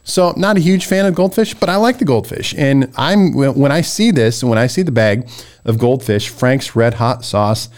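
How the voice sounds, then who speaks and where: Brief: male podcast host, American, casual rant, animated and rambling, mid-pitched. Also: normal speed. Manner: animated, rambling, gets worked up. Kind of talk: casual ranting commentary.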